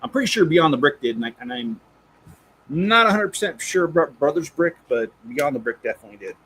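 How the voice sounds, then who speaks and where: A Lego channel host chats on a live stream in a slightly high, expressive voice, brisk and fairly bright. He rambles, self-corrects, and chuckles as he reads, with slight background noise in a low-quality recording.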